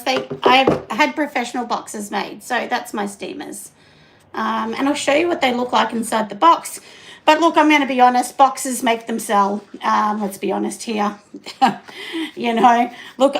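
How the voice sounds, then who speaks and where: A woman's voice: high voice, fairly bright tone, rough recording. A middle-aged Australian woman chatting casually on a livestream, greeting viewers and talking about her soap business, with lots of fillers. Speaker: soap maker hosting a livestream. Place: home studio.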